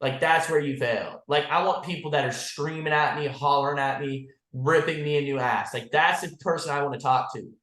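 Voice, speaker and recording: Man, agency leader on a team call, blunt and profane, constant "like" and "guys", somewhat high voice, echoey room. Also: fairly even intonation, brisk, few pauses, a bit bright. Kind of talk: motivational team call talk.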